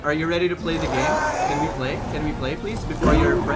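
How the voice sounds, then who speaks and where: A man's voice: on the high side, sing-song, a little fast, hardly any pauses, very noisy. Screaming young gamer man. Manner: yells and screams at the game; swears often. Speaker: gaming video host. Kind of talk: gameplay commentary. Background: loud music.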